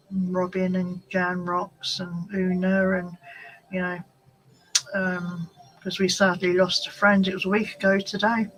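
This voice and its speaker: A woman's voice: mid-range voice, fairly bright tone, a little hiss or hum, low-quality recording. A woman hosting a casual live-stream chat from home, rambling and talking to commenters by name. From United Kingdom. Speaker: craft channel host.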